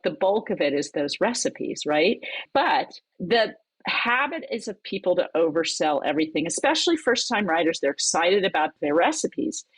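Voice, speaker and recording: A woman who teaches cookbook writing, talking in an animated, conversational way as a podcast guest. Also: lowish voice, slightly rough, no echo, poor audio. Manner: animated, lively storyteller with laughs. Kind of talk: conversational interview.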